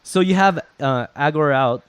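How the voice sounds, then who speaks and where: A man's voice: fairly high pitch, normal speed, smooth, dry recording. A man narrating a tabletop game as game master, explaining rules and describing scenes with frequent ums.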